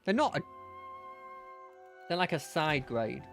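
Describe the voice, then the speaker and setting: A man records a casual let's play, reading the game's narration aloud and chatting through his choices. His voice sits a bit high for a man, and soft game music plays underneath. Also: very animated, slow pace, gravelly. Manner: casual, reads narration aloud, thinks out loud. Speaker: gamer.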